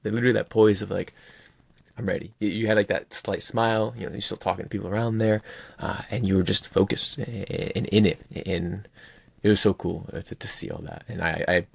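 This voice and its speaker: A man's voice: lowish voice, fairly even intonation, fairly quick, vocal fry, husky, no room sound. A man co-hosting a podcast in casual chat, talking with eager enthusiasm and laughing often. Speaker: podcast co-host.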